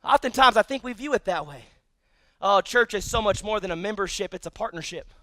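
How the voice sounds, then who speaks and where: A middle-aged man preaching a sermon to a church congregation, animated and full of restarts, acting out quotes as he goes. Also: high voice, brisk. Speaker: pastor. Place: church service.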